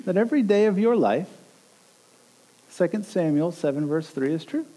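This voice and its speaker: A male pastor in his thirties delivers a sermon with a somewhat high voice. He tells stories animatedly and slips into quoted voices. His delivery rises and falls with the anecdote. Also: moderate pace, rough recording. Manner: animated storyteller, acts out quotes with rising pitch. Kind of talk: sermon with personal story.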